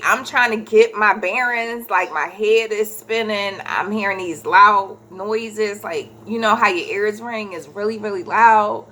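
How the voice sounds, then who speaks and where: Brief: woman, 30s, vlogger storyteller; bright, lively telling, often stops to correct herself. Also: medium pitch, unhurried, hardly any pauses. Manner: animated, acts out quoted voices, corrects herself mid-story. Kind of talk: casual storytelling.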